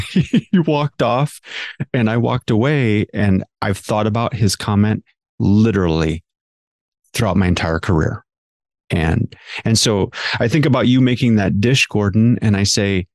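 A man's voice: on the low side, dry recording, studio quality. A male hair-education director and guest, earnestly telling stories in casual conversation, often restarting his sentences. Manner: earnest, many restarts and repeated words.

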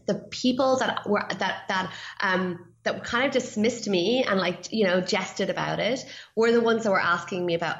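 A woman's voice: medium pitch, normal speed. Earnest woman coach in a roomy, dull recording. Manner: earnest, animated, many "like" fillers. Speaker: guest, feng shui and yoga coach. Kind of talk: casual podcast conversation.

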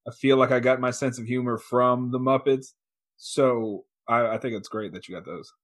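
A man co-hosting a podcast in casual chat, agreeable and quick with asides. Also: medium pitch, steady tone, fairly bright tone. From Kansas. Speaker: podcast co-host.

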